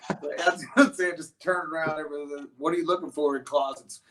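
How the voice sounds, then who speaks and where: A man from the United States, a touring rock musician, telling stories as an interview guest, animated and full of restarts and fillers. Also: fairly high pitch, brisk. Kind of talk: casual interview storytelling.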